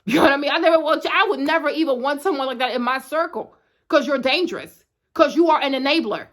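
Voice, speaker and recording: Blunt high-voiced woman in her thirties. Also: fast talker, fairly bright tone. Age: 30s. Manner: blunt, emphatic, repeats "you know what I'm saying". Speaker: vlogger. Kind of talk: direct-to-camera talk.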